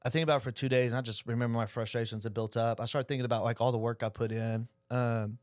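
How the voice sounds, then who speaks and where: Recorded with clean studio sound and no echo, this Oklahoma insurance agency owner appears as a guest in a laid-back storytelling interview. He talks fast at a medium pitch, spinning animated tales and performing the quoted dialogue.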